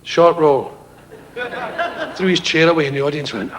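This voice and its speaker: A Glaswegian comedian from Scotland tells stories on stage at a normal speed, talking animatedly about his material and leaping into shrieking high voices for his characters. The stand-up storytelling comes from a 1970s TV recording with a faint hiss.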